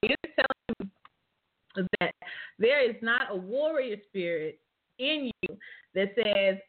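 A woman's voice: mid-range voice, lively intonation, slow pace, pauses often. Exasperated, laughing woman on a phone line. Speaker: host. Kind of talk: casual comedic banter.

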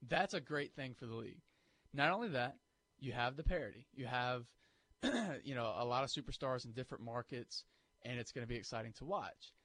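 A man co-hosting a morning sports radio show, talking into a studio microphone. His voice sits at an ordinary male pitch and swings up sharply when he gets worked up. He argues his point and voices the listeners' objections himself. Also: fairly quick, no echo. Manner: animated, argumentative, acts out imagined listener objections. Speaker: sports talk radio co-host.

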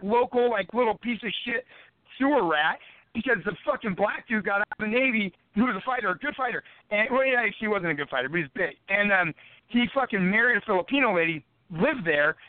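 A high, quick voice from a man who swears freely as he rambles through his stories. It comes through a thin, tinny phone line with no room sound at all. He sounds like a guest spinning tales on a podcast. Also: no echo. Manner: profane, rambling, rapid-fire. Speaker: podcast guest, former fighter. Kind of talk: casual storytelling.

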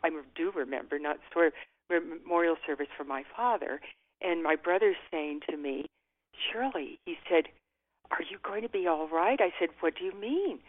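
An older woman talks candidly over a thin, tinny phone line. Her voice sits low, and her reflective answers are often broken by soft laughter. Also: lively intonation, normal speed. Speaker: guest author. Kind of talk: interview. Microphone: telephone.

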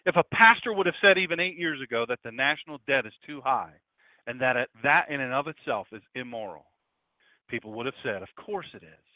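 A man preaching an impassioned broadcast sermon, swinging between loud declarations and hushed asides. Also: medium pitch, lively intonation, a little fast, no echo. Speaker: pastor. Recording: dry, phone-like lo-fi sound.

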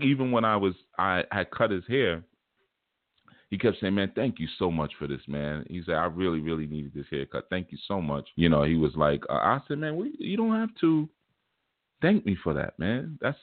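A man hosting a show, telling a story in a relaxed, rambling way and acting out what people said. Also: sits low, dry recording. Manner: relaxed storytelling, repeats "man", acts out quotes. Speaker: spiritual teacher and show host. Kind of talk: casual monologue. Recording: dry phone-like sound.

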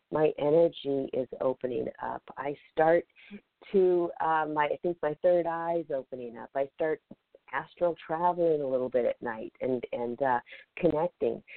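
A woman's voice: low-pitched, vocal fry, no room sound. A woman hosting a show, telling a personal story in a rambling, hesitant way. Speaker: podcast host. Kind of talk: casual storytelling. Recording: tinny phone line, dry.

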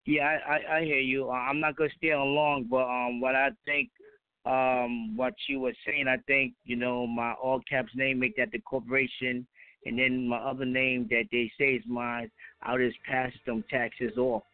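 A man calling in to a talk show, speaking haltingly with lots of fillers. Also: mid-range voice, little pitch movement, clear, resonant tone, no echo. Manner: halting, many fillers and restarts. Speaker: caller. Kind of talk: casual phone call. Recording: dry phone line with faint music.

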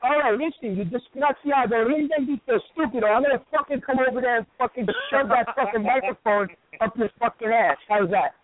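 A man voicing a brash, hot-tempered Italian-American caller who swears and yells insults, in a radio comedy bit. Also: extremely high pitch, fairly quick, few pauses. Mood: furious. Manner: profane, aggressive, shouting insults. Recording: tinny dry phone line.

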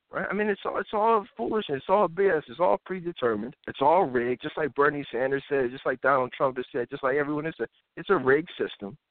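A man in his thirties hosts a live talk show, ranting with a lively, animated voice that swoops up and down. He now and then mocks people in put-on voices. The sound is thin and phone-like, with no room echo. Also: fairly high pitch. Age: 30s. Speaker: host.

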